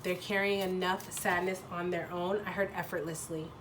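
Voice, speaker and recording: Nasal woman giving a halting tarot reading. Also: on the low side, flat delivery, a bit bright, a little hiss or hum. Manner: halting, searching for words with many restarts. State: nasal from a sinus infection. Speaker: tarot reader. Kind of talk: casual intuitive tarot reading.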